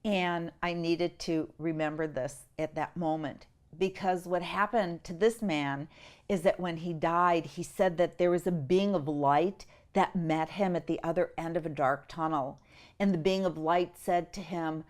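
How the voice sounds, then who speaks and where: A middle-aged woman, an interview guest, tells a personal story in an animated, emotional way and acts out the voices of the people in it. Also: fairly low pitch, normal speed.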